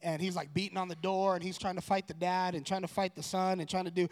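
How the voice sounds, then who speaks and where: A man telling a personal story in a casual, rambling way, correcting himself and growing animated. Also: high voice, fast. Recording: long room reverb.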